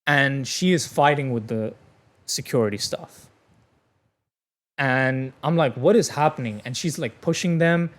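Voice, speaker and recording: A man hosting a podcast, telling a story in casual, animated chat, swearing freely. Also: medium pitch, unhurried, long pauses. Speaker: podcast host.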